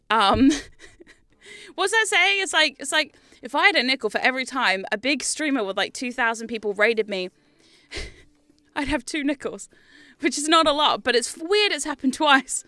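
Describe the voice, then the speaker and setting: A woman's voice: a little high, pushed and bright, clear, resonant tone, no echo. A young adult woman streaming, chatting casually in a rambling way, laughing often and swearing freely.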